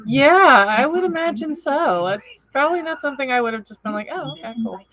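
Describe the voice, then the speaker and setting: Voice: sits high, animated, a little fast, a bit bright. This is a podcast host on a remote call, chatting casually. The sound is dry and close, with no room echo. The host answers with short encouraging replies. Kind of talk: casual chat.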